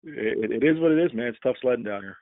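A man from Florida talks football fast and chattily, with a lowish voice and plenty of "you know"s. His audio is thin and phone-like. The sound is dry, with no room around it. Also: no room sound. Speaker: podcast co-host. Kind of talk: casual sports podcast chat.

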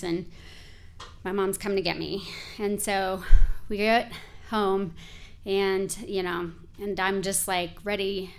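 A woman's voice: medium pitch, vocal fry, clean tone. A woman in her forties telling a personal story in a candid, conversational way, with frequent filler words.

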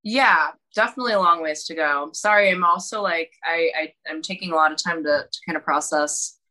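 A woman talking candidly on a podcast with a lowish, bright, forward voice. She swears casually and circles back on her sentences as she thinks. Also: low-quality recording. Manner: candid, swears freely, halting restarts. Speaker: wrestling show organizer.

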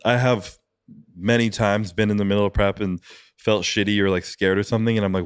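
A man with a very low voice speaks quickly and loosely, filling every thought with "like" and dropping curse words as he goes. The sound is close and dry, with no room around it, as in a podcast studio. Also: fairly even intonation, smooth, no echo. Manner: rambling, fillers of "like", frequent swearing. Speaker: podcast guest, bodybuilding competitor. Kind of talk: casual podcast conversation.

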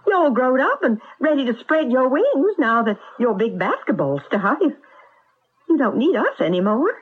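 A doting older mother on a farm in a vintage radio play. Her voice is breathy and fairly high, and it swings widely as she talks in a soft, sentimental way. The sound is thin and tinny, like an old broadcast. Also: sing-song, moderate pace, full character voice. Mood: tender. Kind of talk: 1970s radio drama acting.

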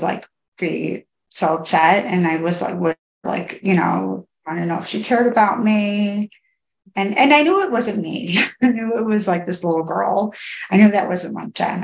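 A woman in her thirties, a podcast guest, speaking candidly and haltingly with many fillers and restarts. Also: mid-range voice, vocal fry. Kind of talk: candid personal interview. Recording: echoey room.

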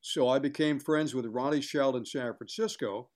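A man's voice: medium pitch, normal speed, a little mellow. Older man telling showbiz stories. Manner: chatty anecdotal telling, acting out quotes. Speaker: sports broadcaster and guest. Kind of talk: casual storytelling in an interview.

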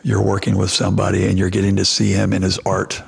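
Gravelly low-voiced coach, husky and flat. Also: male voice, quick pace. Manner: rambling storytelling with many restarts. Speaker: basketball coach. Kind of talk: press conference answers.

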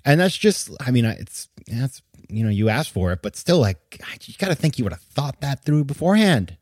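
A man's voice: mid-range voice, sing-song, moderate pace, darkish tone, no room sound, clean studio sound. A man hosting a podcast, giving emphatic, exasperated casual commentary and laughing now and then as he talks. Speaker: podcast host.

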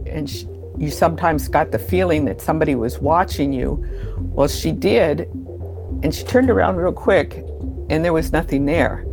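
A middle-aged woman being interviewed, recounting her childhood memories in a measured way that slows down at the key moments. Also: deep voice. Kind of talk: storytelling interview.

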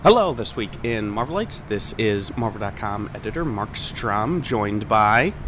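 A man's voice: lowish voice, expressive, unhurried, music in the background. A man co-hosting a podcast in casual banter, rambling and joking, with many "like"s. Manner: rambling, jokey, heavy on "like". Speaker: podcast co-host.

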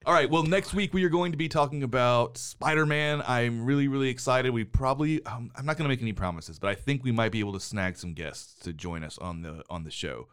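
A man's voice: mid-range voice, brisk, few pauses, a bit bright, clean tone, no room sound. A middle-aged man co-hosting a casual movie podcast as a father, talking in a wry, teasing, mock-exasperated way from a studio booth.

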